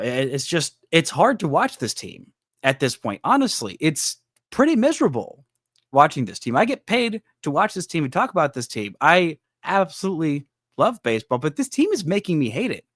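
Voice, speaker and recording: A man's voice: mid-range voice, fairly bright tone, dry recording, studio quality. A man hosting a solo sports podcast, venting in an exasperated, emphatic way. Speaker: podcast host. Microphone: studio microphone.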